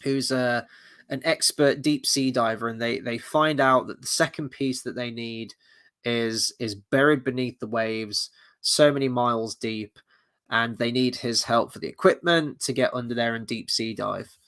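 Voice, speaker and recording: Man, film review rant, blunt, profane, rambling, tired, mid-pitched. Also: a little slow, fairly bright tone. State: tired late at night. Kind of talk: casual ranting review.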